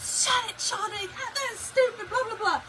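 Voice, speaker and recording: A woman's voice: very high-pitched, moderate pace, sharp tone, a little hiss or hum, pitched above the performer's own voice. A woman voicing her middle-aged husband, who is grumpy and dismissive. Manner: dismissive, teasing.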